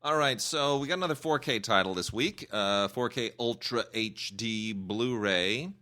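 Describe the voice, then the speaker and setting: A man's voice: medium pitch, a little slow, bright, forceful tone. A man who hosts a film podcast, chatting casually about home video releases and repeating words as he thinks aloud. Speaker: film critic podcast host. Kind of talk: casual chat.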